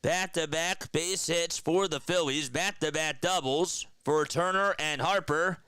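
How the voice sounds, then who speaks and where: A man doing live baseball play-by-play for a stream, trading energetic banter with viewers between pitches. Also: a little slow, clear, resonant tone, dry recording.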